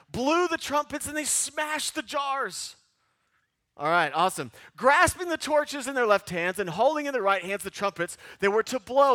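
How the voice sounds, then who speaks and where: A male pastor preaching with a high, lively voice, hammering home key lines by saying them twice. The sound is dry and close, with no room around it. He also sinks into low, hushed stretches. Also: no echo. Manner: animated preaching, repeating lines for emphasis, dropping low and quiet toward the close. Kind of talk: sermon.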